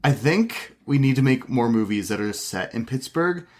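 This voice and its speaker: A man's voice: medium pitch, lively intonation, normal speed, darkish tone. A man co-hosting a casual film review podcast, making dry joking asides. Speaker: podcast co-host.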